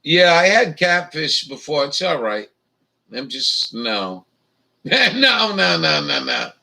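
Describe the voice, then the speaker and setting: A man's voice: fairly high pitch, big pitch swings, slow pace, gravelly, bright, forceful tone, recorded from a distance, poor audio. A man hosting a casual chat, rambling and swearing a lot, with many fillers. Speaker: livestream host.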